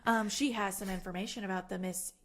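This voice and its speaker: A woman's voice: medium pitch, fairly even intonation, fast talker, a crowd in the background. A woman co-hosting a podcast, chatting in an easygoing, teasing way. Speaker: podcast co-host. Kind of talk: casual chat.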